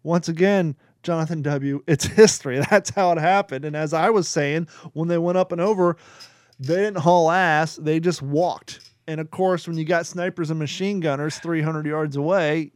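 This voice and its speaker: A chatty man hosting a podcast, reading reviews aloud and laughing at his own jokes. His voice sits a little high and sounds close and dry, with no room around it. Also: steady tone, moderate pace, smooth, no room sound. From Kentucky. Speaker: podcast host.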